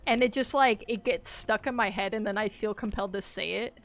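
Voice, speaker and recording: Speaking fairly quickly in a medium-pitched voice, a woman keeps up casual live-stream chatter while gaming. She rambles, laughs often, and reacts out loud to the game, with faint music audible behind her.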